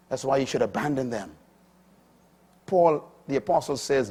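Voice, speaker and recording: A middle-aged man preaching a sermon, swinging between hushed asides and loud, emphatic climbs that break into shouts on key points. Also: mid-range voice, fairly quick, gravelly, husky.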